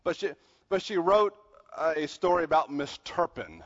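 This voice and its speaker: Male pastor from the American South, high voice, animated sermon delivery, muffled recording. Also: moderate pace, in a large hall. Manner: animated preaching, swings between loud and quiet.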